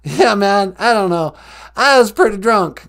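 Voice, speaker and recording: A man's voice: high-pitched, expressive, unhurried, creaky, a bit bright, exaggerated voice. A man voicing a laid-back, folksy Texan former president with a put-on drawl and slangy talk. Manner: drawling, slangy, calls people man and boy.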